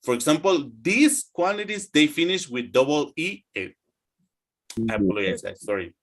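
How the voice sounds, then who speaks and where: Patiently drilling students on English numbers, a man runs an online pronunciation lesson and checks in with them often. He has a fairly high voice with lively intonation and speaks at a moderate pace.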